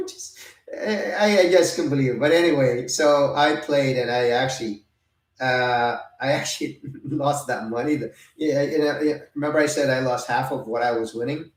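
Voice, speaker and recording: Man in his fifties telling stories in a roomy space. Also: mid-range voice. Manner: animated, laughing, cursing, acting out both sides of arguments. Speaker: retired vlogger. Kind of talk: casual storytelling. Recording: roomy, mic set at a distance.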